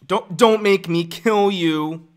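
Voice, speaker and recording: A man voicing an angry, volatile teenage Jedi, shouting strained accusations. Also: high voice, slow pace, voice pushed up. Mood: threatening.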